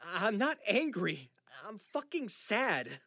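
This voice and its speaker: A grieving adult son, anxious and raw, who pleads and slips into sarcasm, as a man voices him in an audiobook. His voice rides high and swings widely. It is a close, dry recording. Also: big pitch swings, measured pace, fairly bright tone, no echo, exaggerated voice. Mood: pleading, upset.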